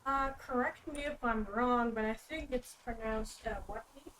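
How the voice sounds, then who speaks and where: A woman's voice: a little high, steady tone, moderate pace, fairly bright tone. A woman joining a stream chat, explaining patiently and hesitantly with lots of fillers. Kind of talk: casual chat. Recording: distant voice with faint noise.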